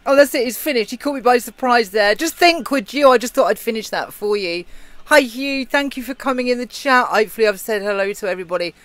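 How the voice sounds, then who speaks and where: Co-hosting a live chat show, this man from Britain speaks fast in a very high-pitched, fairly bright voice, recorded dry. He keeps things casual and chatty while reading comments from viewers aloud.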